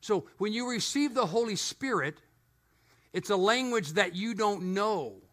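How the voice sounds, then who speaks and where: Middle-aged male pastor, high and bright voice, animated storytelling sermon with playful asides. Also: unhurried.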